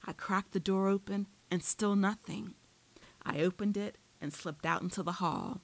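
A woman narrating a first-person audiobook in a steady, descriptive storytelling manner. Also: mid-range voice, normal speed, gravelly, rough recording.

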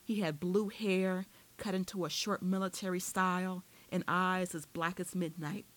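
A woman narrating a first-person audiobook in a steady, descriptive storytelling manner. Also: on the low side, unhurried, low-quality recording.

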